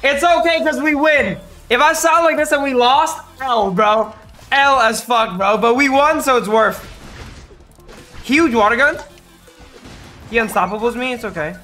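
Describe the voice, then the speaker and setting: Hoarse, hyped man streaming a game. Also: extremely high pitch, a little slow, bright, forceful tone, soft background music. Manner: hyped trash-talking banter. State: hoarse, losing his voice. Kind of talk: live gaming commentary.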